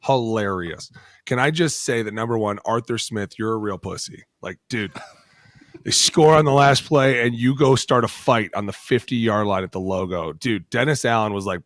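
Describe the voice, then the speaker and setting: A man co-hosting a podcast, a former lineman who tells football stories in animated, profane casual chat and laughs a lot. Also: on the low side, normal speed, dry recording. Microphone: studio podcast mic.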